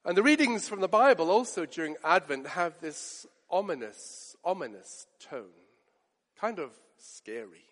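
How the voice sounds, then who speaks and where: A man's voice: sits high, lively intonation, measured pace, a bit bright. A man preaching a sermon to his congregation in an earnest way, repeating phrases for emphasis. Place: church. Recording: long church reverb.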